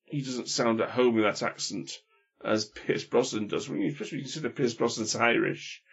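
A man gives his opinions in a relaxed film chat, often tripping over his words and restarting. His voice is husky, and the recording sounds dull and lo-fi. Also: medium pitch, brisk. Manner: hesitant, many restarts, opinionated. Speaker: film podcast panelist. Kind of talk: casual chat.

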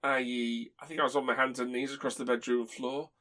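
Podcast host, chatty storyteller, mid pitch, chuckles a lot. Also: male voice, level tone, brisk, pushed and bright. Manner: rambling, chuckles while telling stories. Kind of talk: casual chat.

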